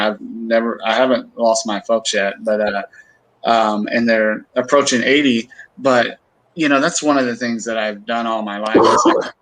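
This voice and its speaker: A man's voice: fairly low pitch, a bit bright, rough recording. Rambling middle-aged man telling stories. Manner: rambling storyteller, many fillers and restarts. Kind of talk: casual livestream chat.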